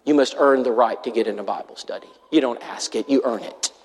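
Delivering a sermon in a long-reverb hall, a man tells an earnest story and voices the other characters' lines. His mid-range voice has a darkish tone and a breathy edge, and he speaks a little fast.

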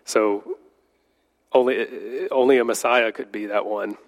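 A man leading a Bible study, reading scripture aloud and explaining it in an unhurried way, correcting his own slips as he goes. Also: medium pitch, fairly even intonation. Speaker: Bible teacher. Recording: long hall reverb.

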